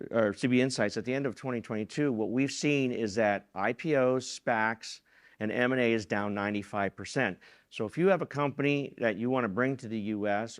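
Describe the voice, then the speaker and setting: A middle-aged man speaks from a conference stage in a somewhat low voice. He talks loosely and conversationally, with fillers and restarts as he works through his points. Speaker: keynote speaker, venture fund president. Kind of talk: conference talk.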